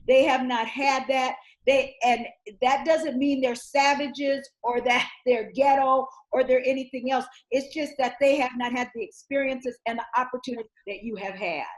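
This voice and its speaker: A woman's voice: high voice, steady tone, moderate pace, reverberant. A middle-aged woman giving emotional personal testimony in a community discussion over a video call, her voice rising when she is hurt.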